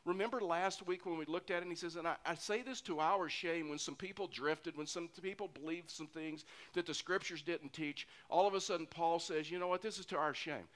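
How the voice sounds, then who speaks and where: A man's voice: on the high side, brisk, few pauses, fairly bright tone. A middle-aged man preaching a sermon as pastor, earnest and often repeating phrases for emphasis. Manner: earnest, repeats phrases when stressing a point.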